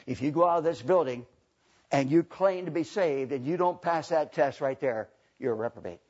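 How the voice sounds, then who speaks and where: A man with a high, husky voice preaches a storytelling sermon in a church. He sinks to near-whispers and then bursts into shouting. The recording is dull and lo-fi. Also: moderate pace. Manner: swings from hushed to shouting. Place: church building.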